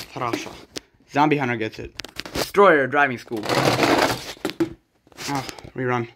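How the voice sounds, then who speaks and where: A man giving quick, excitable play-by-play commentary of toy truck races on a rug at home. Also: mid-range voice. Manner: quick excitable race calls with sudden exclamations. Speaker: race commentator and organizer. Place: indoors at home on a rug floor. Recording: loud background noise with clicks.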